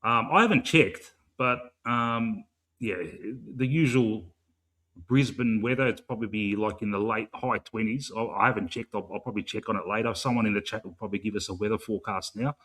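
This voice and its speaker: A man's voice: fairly low pitch, a little fast, fairly bright tone. An Australian man hosting a casual live fan stream, rambling and matey, swearing freely and filling gaps with "um". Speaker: fan show host.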